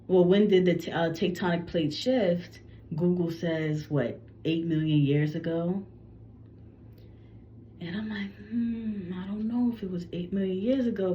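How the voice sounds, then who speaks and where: A woman with a low voice tells a psychic channeling story to her viewers, rambling and often restarting her sentences. The recording sounds slightly dull and lo-fi, with faint background noise. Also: dark tone. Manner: rambling, frequent restarts and self-corrections. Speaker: psychic reader. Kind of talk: casual channeling story to camera.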